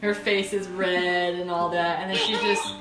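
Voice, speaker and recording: A woman's voice: lowish voice, little pitch movement, measured pace. A woman narrating a tabletop game as game master, chatty and loose, with many fillers. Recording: roomy room with music behind.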